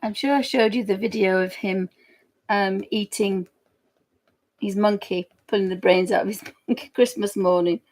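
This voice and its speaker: A woman's voice: medium pitch, fairly even intonation, normal speed, darkish tone. A woman chatting casually and giggling as she draws live for viewers. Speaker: digital artist streamer. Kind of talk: casual chat while drawing live.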